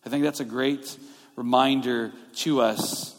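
A man's voice: mid-range voice, steady tone, measured pace. A male pastor preaching a sermon in a conversational way, explaining scripture verse by verse. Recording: long reverb of a large hall.

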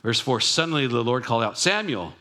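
A man preaching a sermon in a relaxed, conversational way. He reflects on scripture and adds personal asides. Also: mid-range voice, normal speed. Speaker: pastor.

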